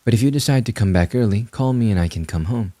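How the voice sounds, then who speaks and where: A man voicing a kind, understanding male roommate who speaks calmly. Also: fairly low pitch, quick pace, no room sound, pitched above the performer's own voice, close to an everyday voice.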